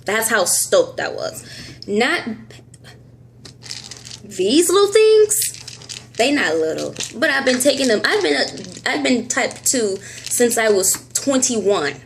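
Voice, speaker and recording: A woman's voice: a little high, lively intonation, a little slow, gravelly, slight background noise. A woman vlogging a casual update into a phone held close, telling a story animatedly, acting out dialogue and laughing often. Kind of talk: casual health update vlog. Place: at home.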